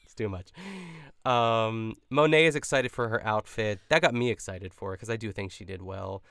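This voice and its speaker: A man's voice: lowish voice, normal speed, gravelly, a bit bright, clear, resonant tone. A young man co-hosting a podcast, recapping an episode in casual, chatty talk full of fillers and quoted lines. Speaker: podcast co-host.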